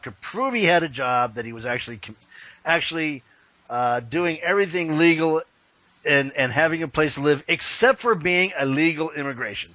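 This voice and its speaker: A man's voice: a little high, bright, forceful tone, no room sound, dull audio. A man hosting a casual online news show, hyped and slangy, laughing often and trailing off mid-thought. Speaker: host of a virtual-world news show.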